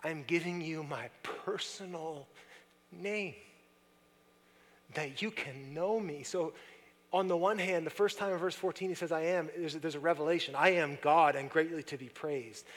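A man's voice: a little high, normal speed. Man preaching in a reverberant hall. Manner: conversational, swings between soft hushed passages and loud excited ones. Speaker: pastor. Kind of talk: sermon. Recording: long reverb of a large hall.

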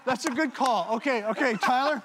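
A man's voice: very high-pitched, a little fast, noisy background. A man preaching a sermon, animatedly directing volunteers on stage. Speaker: pastor. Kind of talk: sermon with audience participation skit. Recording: long hall reverb.

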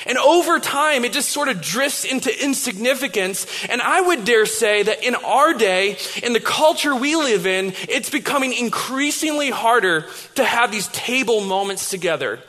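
A man's voice: very high voice, expressive, moderate pace, hardly any pauses, pushed and bright. A man in his thirties, a pastor giving a sermon, telling stories in a conversational way with many restarts. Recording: long reverb of a large hall.

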